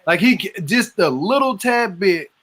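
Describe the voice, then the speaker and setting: A man's voice: high voice, animated, measured pace, a bit bright. A man in a casual reaction chat, laid-back and slangy, teasing the others. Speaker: co-host reacting to a reality show.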